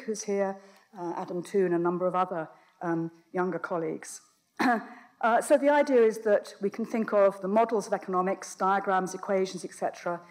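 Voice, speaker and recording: A woman delivers an academic lecture, her voice strained and coming and going. She speaks at a middling pitch, pausing often and restarting her phrases as she explains ideas to a mixed audience. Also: darkish tone. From Britain. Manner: hesitant, many ums and restarts. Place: lecture hall.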